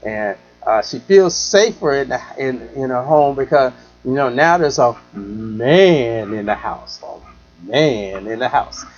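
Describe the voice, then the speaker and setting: A man's voice: medium pitch, expressive, takes it slowly, dull audio, faint music behind. A man hosting a talk show, telling a rambling story in a casual way, full of "you know", and acting out the people in it.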